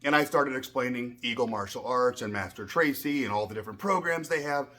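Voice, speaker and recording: A middle-aged man who owns a martial arts school, giving a casual personal update in a rambling, emotional way, often clearing his throat and restarting. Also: mid-range voice, a little fast, pushed and bright.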